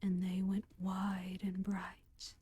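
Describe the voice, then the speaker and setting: A woman storyteller reading a book aloud in a whispered role-play, with a slow and gentle whisper into a close microphone. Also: medium pitch, completely flat delivery, husky.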